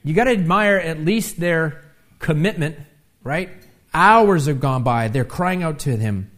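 Preacher, male, animated sermon delivery, slightly high voice, chatty asides. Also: a little slow. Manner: animated, rising loud when acting out the taunts; conversational asides with tag questions. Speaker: pastor.

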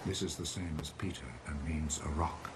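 A man's voice: extremely low pitch, fairly even intonation, moderate pace, very noisy. A man narrating scripture in an old film, played back with grainy sound.

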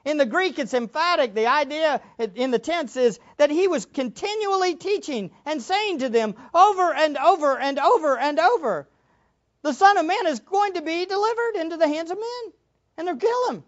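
A high-voiced woman preaching a Bible lesson, her pitch leaping around as she acts out the scenes. The recording is dull and lo-fi. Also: normal speed. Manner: animated, emphatic, laughs and acts out quotes. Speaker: Bible teacher. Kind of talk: sermon.

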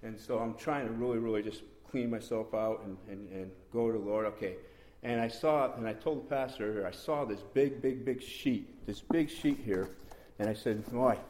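Low-voiced man giving a rambling church testimony. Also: a little fast, a little hiss or hum. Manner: rambling and repetitive, with sudden excited bursts. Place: church meeting room. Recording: roomy echo.

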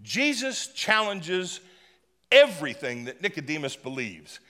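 Male pastor, lively and humorous sermon, bright tone, echoey hall. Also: on the high side, measured pace. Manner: lively, humorous and emphatic preaching.

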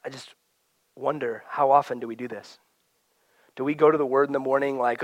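A man's voice: mid-range voice, fairly even intonation, fairly quick, long pauses, dry recording. A man preaching a sermon in an earnest, conversational way, often acting out quoted voices and prayers.

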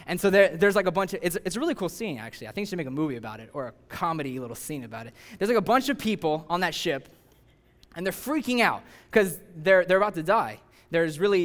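A young man with a high voice preaches in a relaxed, conversational way. He tells the story with animated energy and slips into acted-out voices for the characters. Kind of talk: casual sermon.

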